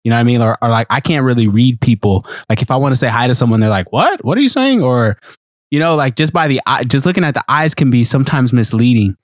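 A man's voice: mid-range voice, fast talker, hardly any pauses, dry recording, studio quality. A man hosting his own podcast, hyped and sing-song, repeating himself as he chats. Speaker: podcast host. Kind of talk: casual podcast chat.

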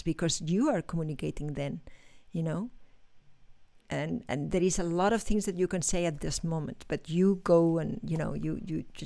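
A woman giving acting notes in class, earnest and a little halting, often restarting and repeating words. Her voice sits low, with lots of gravelly fry. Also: darkish tone. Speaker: acting coach.

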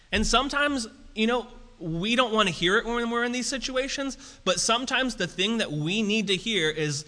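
A man preaching a sermon in a casual, conversational way that turns animated and emphatic. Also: high-pitched, normal speed, hardly any pauses. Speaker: pastor. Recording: reverberant hall.

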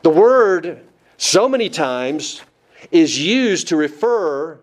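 A man's voice: fairly high pitch, sing-song, slow pace. A man preaching a sermon, emphatic and asking the congregation rhetorical questions. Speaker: pastor.

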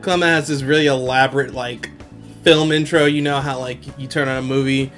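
A man's voice: mid-range voice, steady tone, fairly quick, a bit bright, soft background music. Laid-back slangy young guy. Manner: slangy, laughs often, quotes characters in his own voice. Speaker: podcast host. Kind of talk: casual anime episode recap.

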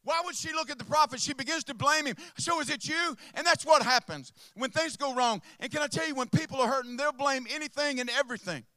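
A man preaching a sermon to a congregation, swinging from hushed asides to impassioned shouts and calling out to listeners by name. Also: very high voice, quick pace, few pauses, no room sound. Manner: calls out to the congregation.

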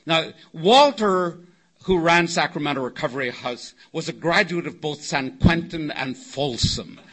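A man's voice: fairly high pitch, measured pace. An older man from California speaking at a recovery meeting, telling a long wry story and quoting people as he goes. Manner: wry anecdotal storytelling, quotes others in lively voices. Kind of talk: storytelling talk to a live meeting. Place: meeting hall before an audience.

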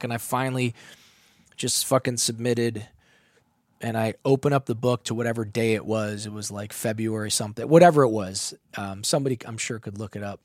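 A man's voice: mid-range voice, a little fast, no echo, clean studio sound. A man telling a candid personal story, emotional and full of swearing. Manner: emotional, profane, animated storytelling.

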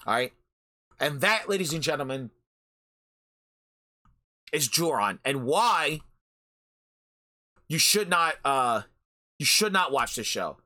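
A man's voice: a little high, sing-song, a little slow, long pauses, sharp tone. Fired-up, profane man ranting. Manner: profane, heated, repeats phrases for emphasis. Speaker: podcast host. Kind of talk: anime review rant. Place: home recording during a storm.

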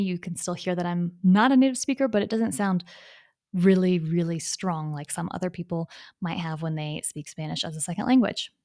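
A woman teaching English to learners in a video lesson. She speaks clearly in a patient, explanatory way and repeats her points so learners can follow. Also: mid-range voice, mellow.

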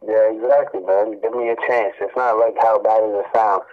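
A man speaking in a low voice in an easygoing, slangy way, a rapper being interviewed. The sound comes over a thin, tinny line, like a phone call. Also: normal speed, a crowd in the background. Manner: relaxed, slangy, says "man" a lot. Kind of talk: casual interview talk.

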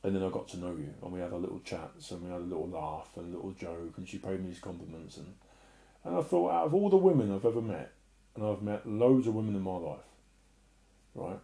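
A middle-aged man sharing an emotional personal testimony and preaching in an earnest way, often sinking to a soft murmur. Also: sits low, fast talker, gravelly. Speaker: Christian speaker.

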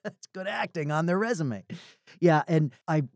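A man hosting a podcast who also narrates audiobooks, talking in a relaxed, reflective way about his work. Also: on the high side, moderate pace, a little hiss or hum. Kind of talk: casual interview chat.

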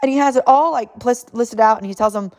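Laughing frequently, a woman in her thirties shares an emotional, animated story about her family and offers encouragement to fellow mothers. She speaks briskly in a fairly high voice.

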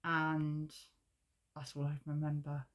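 A woman's voice: sits low, completely flat delivery, slow, muffled recording. A woman co-hosting a podcast, chatting casually, swearing freely and telling stories with acted-out quotes. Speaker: podcast co-host. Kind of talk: casual chat.

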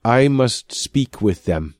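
A man voicing a calm, formal male alien who speaks in measured, stately phrases. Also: medium pitch, no room sound, studio quality, pitched above the performer's own voice.

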